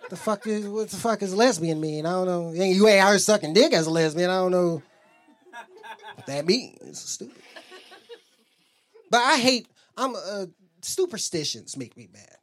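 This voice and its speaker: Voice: medium pitch, moderate pace. A stand-up comedian doing a loose, rambling set that drops into mutters.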